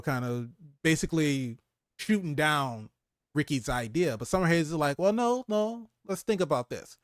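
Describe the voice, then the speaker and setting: A man co-hosting a casual movie review chat, retelling scenes with lively acted-out lines and frequent laughs. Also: mid-range voice, dry recording, clean studio sound. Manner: animated retelling, acts out character lines, laughs often. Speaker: podcast co-host.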